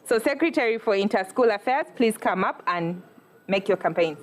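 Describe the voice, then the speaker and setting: Brisk woman moderating an election. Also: mid-range voice, animated. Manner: brisk, businesslike announcements. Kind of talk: calling candidates to the stage.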